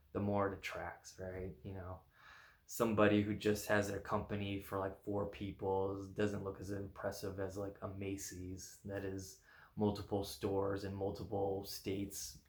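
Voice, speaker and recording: A man's voice: low voice, a little mellow, roomy sound. A man talking casually in a weekly vlog recap, rambling with lots of fillers and laughing at his own jokes. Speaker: vlogger.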